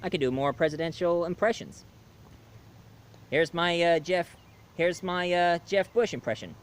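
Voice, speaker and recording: A man's voice: a little high, normal speed, clean tone. A man giving a casual, rambling movie review full of fillers.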